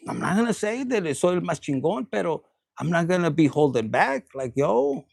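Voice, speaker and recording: A man's voice: sits high, big pitch swings, moderate pace, gravelly, a little mellow, dry recording, studio quality. A man giving a casual tarot reading, blunt and crude, laughing and acting out the lines of the people he describes. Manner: blunt, crude, playful, acts out quoted lines. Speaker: tarot reader.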